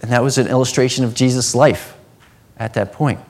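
A man preaching a sermon, earnest, dropping to a hushed tone and then rising to emphatic passages. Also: mid-range voice, steady tone, brisk.

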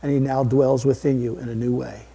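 A man preaching a sermon in a church, earnest and emphatic, rising to peaks and dropping low. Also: level tone, fairly quick, creaky, husky. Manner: earnest, building to emphatic peaks, then hushed. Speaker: pastor.

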